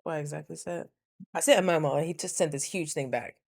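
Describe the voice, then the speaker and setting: A young woman vlogs in a casual, chatty way, acting out what others said with lively asides to her viewers. Her voice sits a bit low for a woman, and the sound is close and dry with no room around it. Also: fast, creaky, dry recording. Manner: chatty, animated, acts out quoted dialogue; frequent rhetorical asides to viewers. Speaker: vlogger. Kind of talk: casual storytelling vlog.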